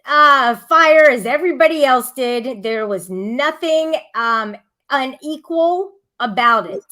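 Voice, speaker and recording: A woman with a bright, fairly high voice speaks directly to her audience in a firm, defensive tone. She backs up her partner and insists on setting the record straight. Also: lively intonation, slow. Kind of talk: casual chat addressing viewers.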